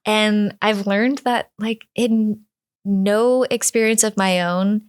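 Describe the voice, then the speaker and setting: A woman's voice: mid-range voice, fairly even intonation, slow pace, clear, resonant tone. A woman in her thirties, a guest in an interview, talking candidly and reflectively, often restarting her thoughts. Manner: reflective, speaks in drafts with restarts.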